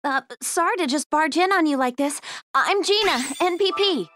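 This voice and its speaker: A woman's voice: sits high, lively intonation, normal speed, a bit bright, dry recording, studio quality. An actress voicing an earnest young female space officer in a video game.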